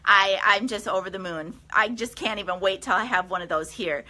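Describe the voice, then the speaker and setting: A woman's voice: mid-range voice, a little fast, bright, forceful tone. A middle-aged woman hosting a casual live stream from her quilting studio, chatty, upbeat and enthusiastic.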